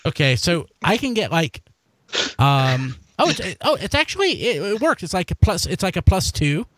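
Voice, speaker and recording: A man co-hosts a live fan podcast, chatting loosely and circling back to plug links. His voice sits a little high and swings widely in pitch. The sound is close and dry. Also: moderate pace, no room sound. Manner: animated, rambling, promotes links. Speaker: podcast co-host. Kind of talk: casual chat on a live stream.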